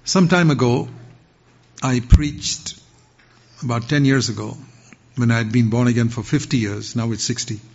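Older guy preaching, punchy questions then soft asides, dull lo-fi recording. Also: mid-range voice, moderate pace, gravelly, long pauses. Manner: emphatic preaching with sharp rising questions and quiet asides. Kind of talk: sermon to a live congregation.

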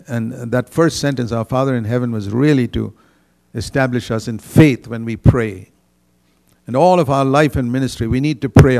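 A man's voice: medium pitch, vocal fry, darkish tone. An older man preaching a sermon in a conversational way, with bursts of emphasis.

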